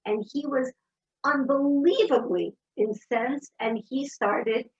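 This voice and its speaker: Storytelling woman, slightly husky. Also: high voice, slow pace, lo-fi sound. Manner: storytelling, warm and animated. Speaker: speaker. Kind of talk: inspirational talk.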